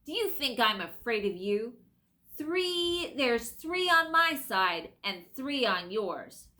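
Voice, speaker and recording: Bitter male dwarf, cold and snappish, slow and raised, read by a woman. Storybook reading. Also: fairly high pitch, sing-song, bright, forceful tone, voice pushed up, exaggerated voice. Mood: defiant.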